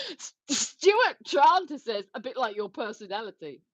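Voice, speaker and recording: A woman's voice: high voice, huge pitch swings, unhurried, a bit bright, dry recording. A woman co-hosting a casual livestream, giggling often as she reads viewer comments aloud. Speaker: livestream co-host. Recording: dull lo-fi livestream audio.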